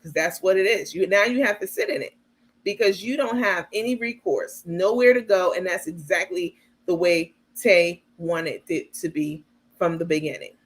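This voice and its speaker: A woman's voice: fairly low pitch, normal speed. A woman hosting a livestream, giving casual commentary in a blunt, outspoken way with some profanity and asides to her viewers. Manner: addresses viewers as "baby" and "you guys". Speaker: livestream host.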